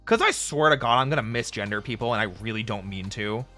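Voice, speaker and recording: A man streaming casually, chatting with viewers in an animated, jokey way and laughing often. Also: on the low side, fast talker. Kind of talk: casual live-stream chat answering viewers. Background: faint background music.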